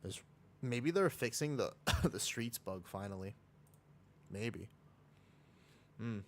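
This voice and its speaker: A man's voice: medium pitch, lively intonation, slow pace, a little hiss or hum. A man streaming a game and chatting casually with viewers while playing. He rambles and corrects himself often, and he has a sore throat and feels slightly sick. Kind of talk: casual livestream chat while gaming.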